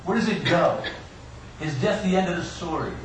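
A male pastor delivers a sermon in a higher register, telling stories and dropping jokes along the way. His voice rings through a very echoey church and reaches the mic from a distance. A steady hiss sits under the whole recording. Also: moderate pace. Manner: personal storytelling with joking asides. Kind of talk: Easter sermon. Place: church sanctuary.

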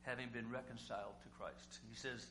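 A male pastor preaching a sermon conversationally, asking rhetorical questions and swinging between loud and quiet. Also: medium pitch, fairly even intonation, fairly quick. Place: church sanctuary. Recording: echoey room with faint hum.

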